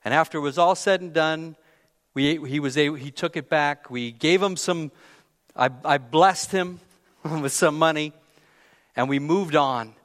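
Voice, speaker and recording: A man's voice: fairly high pitch, measured pace, a bit bright. Male preacher, conversational storyteller, candid and self-deprecating, recorded in a church sanctuary with a long echo. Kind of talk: conversational sermon with personal story.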